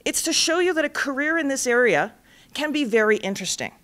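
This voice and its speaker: Animated middle-aged woman giving a talk. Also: sits high, brisk. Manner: animated storyteller, acts out voices in anecdotes. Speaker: guest speaker. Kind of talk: lively campus talk. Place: lecture hall.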